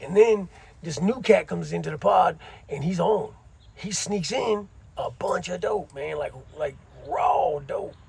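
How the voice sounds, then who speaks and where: A man's voice: high-pitched, a little slow, gravelly, a little mellow, husky. A middle-aged man casually telling a story from his time in prison, using street slang and frequent asides.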